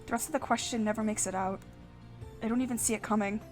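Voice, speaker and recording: A woman's voice: medium pitch, steady tone, quick pace, soft background music. Giggly woman reading game text aloud. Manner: giggly, casual asides between narration. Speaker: let's play host.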